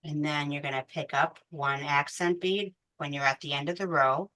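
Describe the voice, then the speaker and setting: A woman's voice: low-pitched, steady tone, moderate pace, pushed and bright. A woman teaching a beading class step by step, counting beads aloud patiently. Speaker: beading instructor. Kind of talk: step-by-step craft tutorial.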